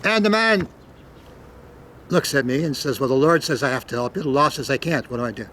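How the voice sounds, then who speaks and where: Older man, from Canada, rambling storyteller, profane, sudden loud emphasis, faint background noise. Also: medium pitch, fairly quick, poor audio. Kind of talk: casual spoken monologue.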